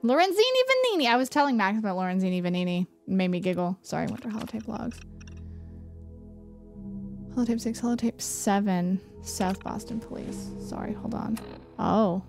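A woman streamer giving casual gameplay commentary, excitable and sweary. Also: mid-range voice, moderate pace, vocal fry, faint music behind.

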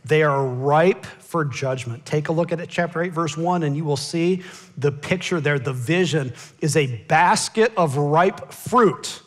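An American man preaching a sermon, swinging from loud pleading cries to hushed asides. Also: fairly high pitch, unhurried. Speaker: pastor. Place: church sanctuary.

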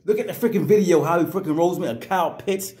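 Man, angry sports rant, raised pitch, roomy echo. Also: quick pace, darkish tone. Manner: angry, repetitive, slangy. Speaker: sports vlogger.

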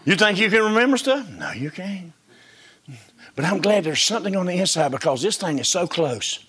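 A man preaching a sermon in a church service, folksy and full of rhetorical questions, swinging between hushed whispers and shouts. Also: sits high, sing-song, moderate pace, breathy edge.

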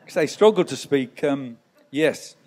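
A man's voice: medium pitch, expressive, a little slow, a little mellow. A male pastor preaching a sermon in church, telling stories with rhetorical asides to the congregation.

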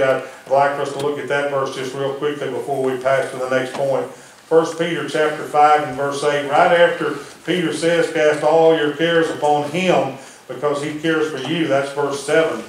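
Folksy preacher in an echoey church. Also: male voice, medium pitch. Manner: folksy preaching, drops to near-whisper for emphasis. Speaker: pastor. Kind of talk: sermon. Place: church hall. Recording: very echoey room from far off, faint noise.

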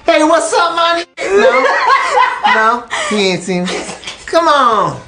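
A woman excitedly calling out to someone, laughing and shouting. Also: sits high, slow pace, heavy background noise.

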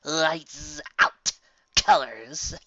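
A woman's voice: rumbling low, big pitch swings, takes it slowly, creaky, sharp tone, no room sound, full character voice. A woman voicing a sadistic, sneering female pony villain with a taunting, snide delivery, in a slightly muffled lo-fi recording.

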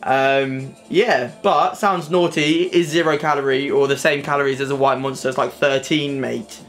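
A man's voice: medium pitch, fairly even intonation, moderate pace, fairly bright tone, soft background music. A young British man with an English accent vlogging casually to camera, slangy and sweary, tagging "mate" onto his sentences. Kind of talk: casual vlog talk to camera. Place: at home, then by car and outdoors.

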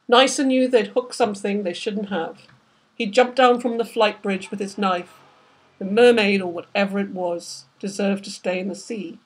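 A woman's voice: medium pitch, breathy edge. A woman, the author, reading aloud from her novel with vivid, dramatic storytelling. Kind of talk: literary reading.

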